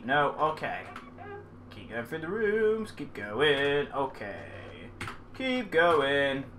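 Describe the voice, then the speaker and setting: A gamer giving let's play commentary on a horror game, excitable and jumpy, talking back at what is on screen. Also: mid-range voice, slight background noise.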